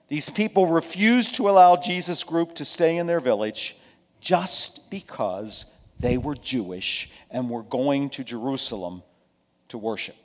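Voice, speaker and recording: A man preaching a sermon in a folksy, dramatic way, moving between quiet asides and forceful emphasis, with sarcastic remarks to his listeners. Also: a little high, long reverb tail.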